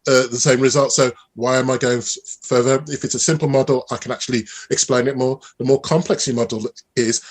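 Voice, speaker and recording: Animated husky man telling stories. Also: medium pitch, fairly quick, few pauses. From Birmingham, England. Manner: animated storyteller, many restarts. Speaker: mathematician guest. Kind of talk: conversational interview.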